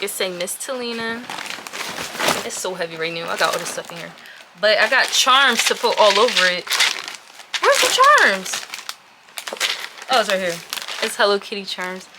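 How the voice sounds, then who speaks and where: A woman vlogger casually chatting to her viewers as she unboxes items, getting easily excited. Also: medium pitch, normal speed. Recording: noisy room with packaging crinkles.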